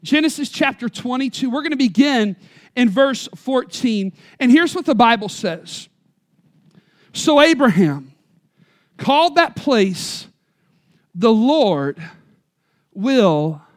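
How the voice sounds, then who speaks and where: Male pastor, 30s, very high pitch, emphatic storytelling sermon. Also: lively intonation, unhurried. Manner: storytelling, emphatic, varies loudness for effect. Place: church.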